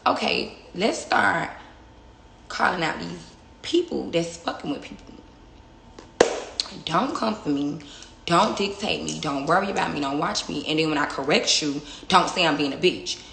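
A woman's voice: low-pitched, lively intonation, normal speed, vocal fry, roomy sound, background noise. A young woman livestreaming from her phone, talking bluntly and with plenty of swearing in a casual, confrontational chat. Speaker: livestream host.

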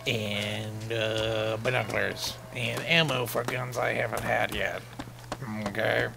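A man's voice: fairly low pitch, steady tone, slow pace, gravelly, music in the background. A young man giving casual, rambling commentary over a survival game, sarcastic and swearing freely. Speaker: gaming channel host.

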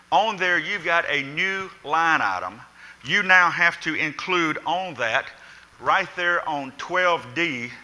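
A man's voice: on the high side, pushed and bright. A middle-aged man giving a live insurance seminar in a large conference hall, folksy, calling the audience folks and asking for a show of hands. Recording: reverberant hall.

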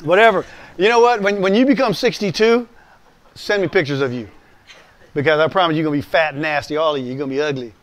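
A man in his sixties, a pastor telling a personal testimony in an animated way, dropping to hushed asides and rising to loud bursts. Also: fairly high pitch, quick pace. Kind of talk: storytelling testimony.

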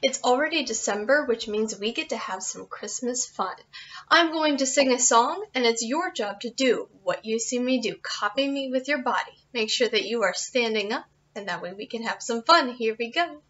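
A woman teaching a virtual music lesson to young children, giving slow, clear instructions. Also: on the high side, a bit bright, highs cut off.

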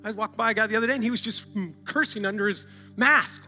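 High, bright-voiced preaching pastor. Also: male voice, a little fast, big-room sound, faint music behind. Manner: exhorting, calls out to the congregation, laughs often. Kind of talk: sermon.

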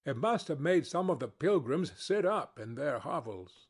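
A man narrating an audiobook in a measured, deliberate storytelling manner. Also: fairly high pitch, sing-song, breathy edge.

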